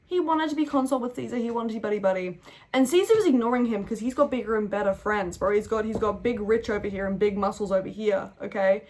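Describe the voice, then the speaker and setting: A woman's voice: medium pitch, fast talker, a little mellow. A young woman giving a casual, rambling history lesson full of slang, swearing and playful asides. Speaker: history explainer.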